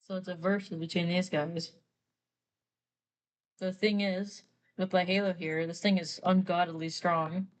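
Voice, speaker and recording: A woman's voice: on the low side, little pitch movement, measured pace, long pauses, poor audio. A young woman artist chatting casually while drawing on stream, rambling through a story with lots of fillers.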